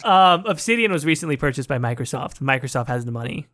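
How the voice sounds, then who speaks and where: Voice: mid-range voice, animated, quick pace, a bit bright. A podcast co-host in a casual gaming chat, musing aloud with a wry edge.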